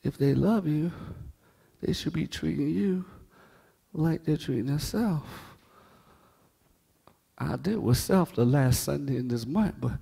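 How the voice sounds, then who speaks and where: A man pastor preaching a sermon, folksy and joking, moving from quiet words to shouting. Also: on the high side, unhurried, gravelly, long pauses, slightly rough, long reverb tail. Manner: animated preaching, swings from hushed to shouting.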